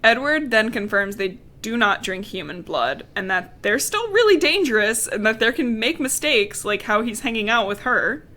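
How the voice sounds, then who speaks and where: A woman's voice: on the high side, big pitch swings, normal speed, hardly any pauses, bright, forceful tone. A woman co-hosting a casual podcast, recapping a novel with sarcasm and swearing, mocking the characters' lines. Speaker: podcast co-host recapping a book. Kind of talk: casual chat.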